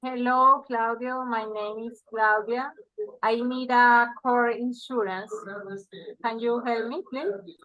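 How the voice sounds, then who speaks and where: A woman's voice: on the high side, fairly even intonation, slow pace, lo-fi sound. A woman trainee practicing a call center role-play on a video call, hesitant and full of fillers.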